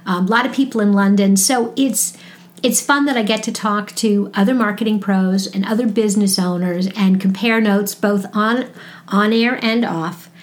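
A woman's voice: medium pitch, steady tone, normal speed. A woman from New York with a Brooklyn accent, a marketing guest telling stories in upbeat, chatty interview talk. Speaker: podcast guest, marketing educator. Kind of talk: casual interview chat.

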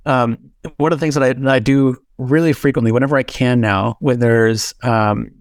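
A man's voice: mid-range voice, steady tone, moderate pace, no echo. A man hosting a podcast interview, speaking earnestly and rambling with lots of fillers. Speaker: podcast host. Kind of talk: interview conversation.

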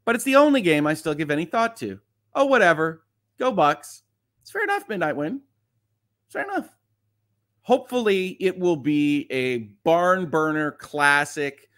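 A middle-aged man, a lawyer hosting a casual livestream, reading viewer comments aloud and chatting about them quickly. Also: on the high side, fairly bright tone. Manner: fast-talking, chatty, reads comments aloud.

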